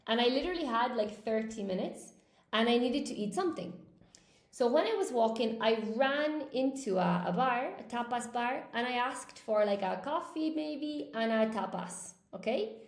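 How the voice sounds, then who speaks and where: A woman's voice: on the high side, expressive, moderate pace. Chatty woman teacher in echoey room. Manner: chatty, greets viewers by name mid-story. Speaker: English teacher. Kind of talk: casual storytelling in a live lesson.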